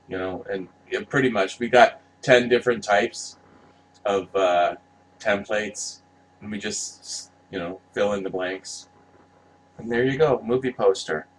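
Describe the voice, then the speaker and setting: A man's voice: on the low side, measured pace, slight background noise, low-quality recording. A man giving casual, rambling commentary, passionate and profane, often restarting his sentences. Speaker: vlogger reviewing movie posters.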